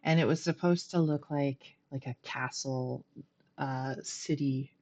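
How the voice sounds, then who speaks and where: A woman's voice: rumbling low, steady tone, a little slow, warm tone. A middle-aged woman streaming a game from home, chatting casually, laughing often and poking fun at herself. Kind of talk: casual gameplay commentary.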